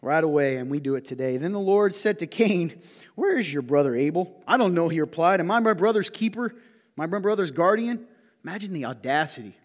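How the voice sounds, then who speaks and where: A male pastor preaching a sermon in an animated way, often putting questions to his listeners. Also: on the high side, moderate pace, in a large hall. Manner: animated, asks the audience questions.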